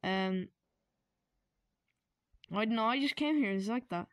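A shifty younger brother plumber who dodges every question and trips over his own denials, put on by a woman. He speaks at a slow, hesitant pace. The voice is close and dry. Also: fairly high pitch, clear, resonant tone, no room sound, lightly acted. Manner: evasive, stammering denials.

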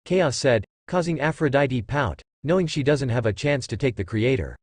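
Man, fan-story narrator, plain reading, small stumbles, dry close sound, mid pitch. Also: animated, normal speed, hardly any pauses, darkish tone, no room sound. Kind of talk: reading fan fiction aloud.

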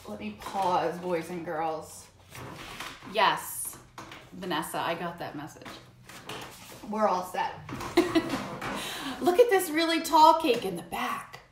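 Slow, sing-song storytime woman. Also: lowish voice. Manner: animated, sing-song, talks to kids directly. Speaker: children's music teacher and host. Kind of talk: storytime read-aloud for kids. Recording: echoey room, faint hiss.

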